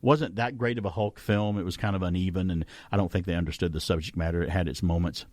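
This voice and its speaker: A fairly low-voiced man talks casually as a radio host, chatty and enthusiastic, often breaking into laughter. His voice sounds dry and close, with no room echo. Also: steady tone, fast, darkish tone.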